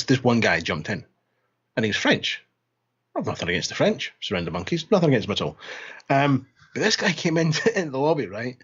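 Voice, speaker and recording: Rambling man, husky and low. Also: a bit bright, lo-fi sound. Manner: rambling, laughing, repeats words when starting. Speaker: podcast host. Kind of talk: casual chat.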